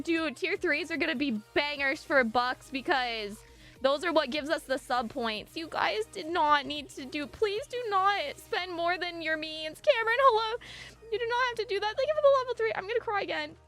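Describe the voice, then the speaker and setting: A young adult woman live-streaming, chatting casually and gushing excitedly at her viewers, breaking into squeals. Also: extremely high pitch, moderate pace, faint music behind.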